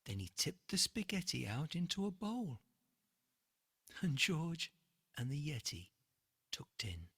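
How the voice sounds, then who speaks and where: A reader telling a rhyming children's picture book in an expressive, rhythmic read-aloud. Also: medium pitch, slow, pauses often, breathy edge, dry recording, studio quality.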